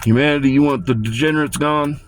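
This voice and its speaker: A man's voice: mid-range voice, fairly even intonation, fast. A man delivering a rambling, profane and menacing rant to his viewers, often repeating himself. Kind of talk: ranting monologue to camera.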